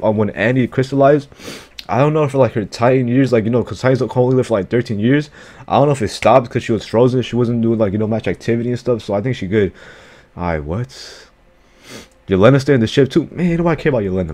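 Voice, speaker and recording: A man's voice: mid-range voice, darkish tone. A man casually reacting to an anime chapter, slangy and profane, who keeps blurting out exclamations.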